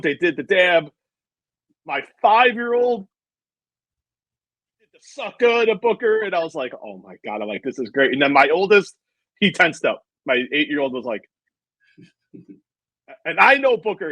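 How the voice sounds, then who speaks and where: A man in his thirties with a slightly higher voice tells a winding story about a family outing, full of asides and quoted lines. The sound is close and dry, with no room around it. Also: dry recording, poor audio. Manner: rambling, animated anecdote with many asides. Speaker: interviewer. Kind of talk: casual interview storytelling.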